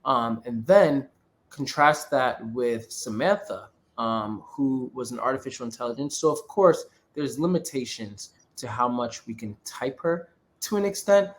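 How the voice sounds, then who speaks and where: A man's voice: mid-range voice, expressive, a little slow, a little hiss or hum. A man co-hosting a podcast, casually analyzing a film and rambling with lots of filler words. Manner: rambling, frequent filler words, laughs easily. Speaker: podcast co-host.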